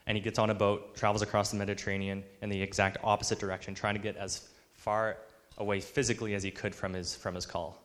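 A man delivers an earnest sermon in a fairly low voice. He slips into the voices of the people he quotes. A long reverb trails behind him, like a large church hall. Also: level tone, brisk, a bit bright. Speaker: pastor.

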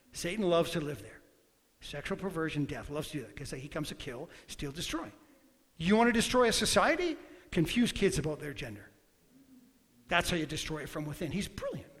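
A man preaching a sermon, emphatic, swinging between loud bursts and quiet asides. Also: fairly high pitch. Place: church hall. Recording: long hall reverb.

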